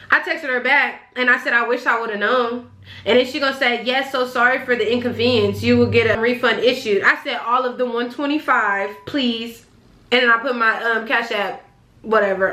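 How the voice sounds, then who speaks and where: A young woman telling a story to her vlog in a casual way, animated and exasperated, swearing freely as she recounts it. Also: on the high side. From California, Bay Area region. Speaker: vlogger. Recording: echoey room.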